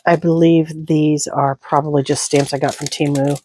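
Low-voiced Southern woman chatting while crafting. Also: level tone, moderate pace, mellow, a little hiss or hum. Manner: chatty, talks to herself while working, some mumbled asides. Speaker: crafting channel host. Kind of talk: casual crafting commentary.

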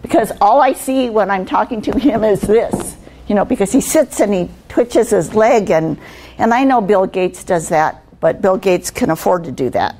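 A woman's voice: mid-range voice, animated, moderate pace, warm tone, slight background noise. An older woman giving a conversational workshop talk on communication skills to students, asking them rhetorical questions. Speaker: guest speaker on communication skills.

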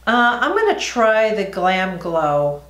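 A middle-aged woman at a mid pitch, talking through her makeup routine in a chatty, easygoing way. Her voice bounces around an echoey room at home. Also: sing-song, slow, a bit bright. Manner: chatty, talks while applying makeup. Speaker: beauty vlogger. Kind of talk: casual makeup tutorial.

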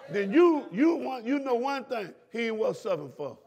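A man preaching a sermon as pastor, repeating lines and breaking into shouts at the congregation. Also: very high voice, sing-song, moderate pace, creaky. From Southern United States.

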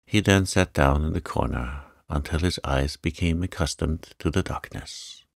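A man narrating an audiobook in a calm, soft-spoken, soothing way meant to help listeners relax. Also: very deep voice, moderate pace, vocal fry, no echo, clean studio sound. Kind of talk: soft-spoken sleep-story reading.

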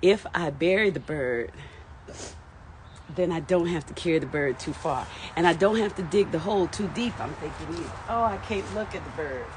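A woman's voice: lowish voice, normal speed, slight background noise. A tearful woman live-streaming from her yard, talking emotionally and repetitively to her viewers. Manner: emotional, repetitive self-talk, nervous laughs. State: tearful, on the verge of crying. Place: outdoors in a yard by the lawn.

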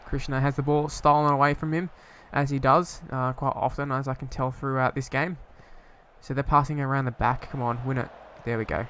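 A man's voice: mid-range voice, little pitch movement, fairly quick, a bit bright, slight background noise. A young man casually commentating on his own football management game, rambling and hesitant, breaking into sweary frustration. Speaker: gaming YouTuber.

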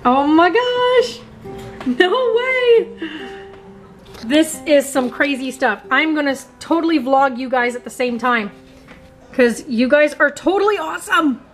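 A woman's voice: sits high, normal speed, fairly bright tone, soft background music. A woman in her thirties vlogging at home, gushing breathlessly and talking straight to her viewers on a handheld camera. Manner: gushing, breathless, keeps saying "you guys". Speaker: family vlogger. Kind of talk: excited casual vlog.

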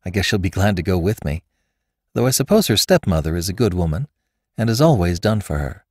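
A man's voice: sits low, sing-song, a little fast, a little mellow, no room sound, studio quality. A man voicing a plain-spoken spinster schoolteacher who talks curtly and matter-of-factly. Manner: curt and matter-of-fact.

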